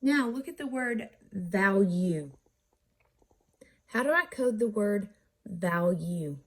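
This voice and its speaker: A woman's voice: mid-range voice, animated. A woman teaching a phonics lesson, patiently walking through how to code words and asking questions before answering them herself. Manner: sounds out syllables slowly. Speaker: reading teacher.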